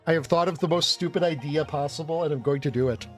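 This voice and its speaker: A man's voice: on the high side, fast, faint music behind. A male streamer reading a game aloud, chatty and self-mocking, swearing as he comments.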